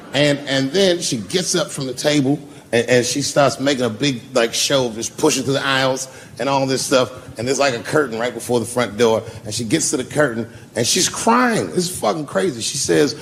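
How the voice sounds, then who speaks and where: A man's voice: mid-range voice, moderate pace, creaky, a little hiss or hum. A man doing a stand-up set at a comedy club, telling stories in a laid-back, profane way. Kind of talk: stand-up set with crowd work.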